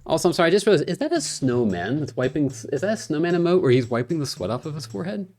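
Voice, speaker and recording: A man casually commentating his video game playthrough, excitable and jokey, rambling with panicky outbursts. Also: on the high side, fast, soft background music. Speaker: gaming channel host. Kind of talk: casual let's-play commentary.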